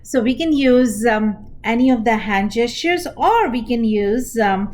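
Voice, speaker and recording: A woman preschool teacher with an Indian English accent, calmly explaining an activity step by step, pausing often as she goes. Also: fairly high pitch, over music. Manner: unhurried, explaining step by step with pauses. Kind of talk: instructional talk to parents and teachers.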